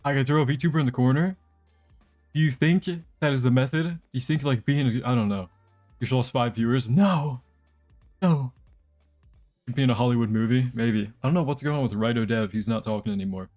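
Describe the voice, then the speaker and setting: This young man's mid-range voice has a darkish tone and runs a little fast. While playing a game on a livestream, he chats loosely with viewers, joking and wandering off topic over quiet background music.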